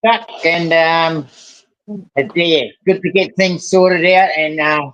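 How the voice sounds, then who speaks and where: A man's voice: a little high, steady tone, slow pace, a bit bright, highs cut off. A man with a mixed New Zealand and Australian accent, talking heatedly in a casual voice chat, swearing often and trailing off into fillers. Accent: New Zealand and Australian mix. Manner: heated, rambling, swears a lot, many fillers. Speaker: guest in a live voice chat.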